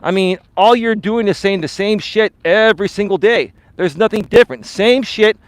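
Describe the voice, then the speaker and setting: A man's voice: high voice, normal speed, no echo. A male dating and life coach ranting on a live stream, confrontational and repeatedly calling his opponent bro and sir.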